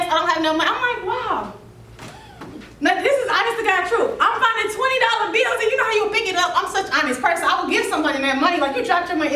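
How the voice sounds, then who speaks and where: Animated young woman. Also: very high-pitched, a little hiss or hum. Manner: emotional, laughing storytelling. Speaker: seminar speaker. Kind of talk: motivational storytelling. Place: seminar room. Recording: echoey room, mic from a distance.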